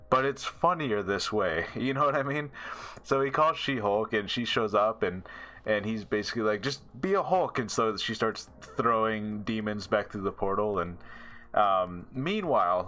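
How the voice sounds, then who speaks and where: Bright-voiced rambling male reviewer. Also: mid-range voice. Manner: rambling, frequent fillers and laughs. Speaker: show reviewer. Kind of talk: casual episode review.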